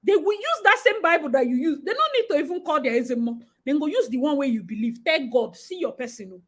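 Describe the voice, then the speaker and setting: A Nigerian woman hosting a livestream, reading viewer comments and talking about life abroad with loud exclamations and Pidgin phrases. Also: high-pitched, quick pace, few pauses. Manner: expressive, exclamatory, mixes Pidgin into talk. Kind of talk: animated livestream chat.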